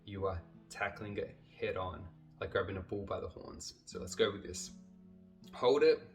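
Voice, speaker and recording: A lower-voiced man leads a body-calming exercise in a calm, steady instructional tone. His voice sits a little back from the mic. Clear guitar music plays underneath. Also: moderate pace, distant mic. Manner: calm, steady, talks viewers through each step. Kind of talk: guided exercise instruction to camera.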